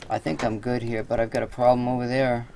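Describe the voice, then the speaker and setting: A man's voice: medium pitch, level tone, fast talker, vocal fry, darkish tone, slight background noise, rough recording. A man playing a game and giving exasperated, cursing commentary while he works through problems. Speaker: gamer. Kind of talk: frustrated gameplay commentary.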